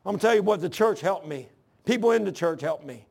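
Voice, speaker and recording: An older man in his sixties preaching from the pulpit of a church, his voice sitting high for a man and grainy with gravel. He tells his own testimony in a folksy, earnest way with rough, plain grammar, moving between scripture and personal stories. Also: expressive, quick pace, darkish tone.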